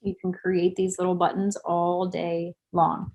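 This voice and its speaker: A woman's voice: fairly low pitch, little pitch movement, measured pace, hardly any pauses, darkish tone, rough recording. A woman presenting a screen-share webinar tutorial, chatty and self-deprecating, thinking aloud as she clicks through the steps.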